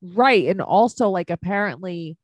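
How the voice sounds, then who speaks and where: A woman's voice: fairly low pitch, normal speed, no echo. A woman co-hosting a podcast, chatting casually about a reality show, agreeable and riffing on jokes. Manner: laid-back, agreeable, riffs along with jokes. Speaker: podcast co-host.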